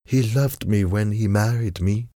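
A man's voice: on the low side, no echo, studio quality, close to an everyday voice. A man putting on a tearful pleading young woman. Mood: pleading sadly. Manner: soft, pleading, drawn-out. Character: sorrowful young woman pleading with her brother.

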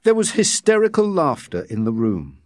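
A man reading a story aloud with measured scripted narration. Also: a little high, wildly swooping pitch, darkish tone, dry recording, clean studio sound. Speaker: audiobook reader.

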